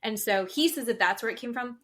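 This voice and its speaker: A woman's voice: fairly high pitch, lively intonation, fairly quick, a bit bright, a little hiss or hum. A woman co-hosting a podcast, casually recapping reality TV in a chatty, gossipy way and laughing often. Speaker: podcast co-host.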